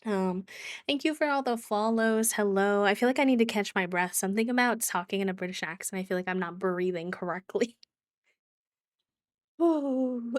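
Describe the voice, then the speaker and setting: A woman streamer talks casually and kindly to her viewers, with lots of fillers and easy laughter. Her voice has a middling pitch. The recording is dry and close, with no room sound. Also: moderate pace, no echo. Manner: chatty and warm toward viewers, with frequent fillers and laughs. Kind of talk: casual live-stream chat.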